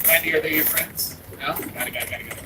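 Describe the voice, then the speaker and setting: High-voiced man giving a playful tram tour. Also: racing, distant mic, noisy background. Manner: playful, jokey, excitable. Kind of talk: theme park tour narration.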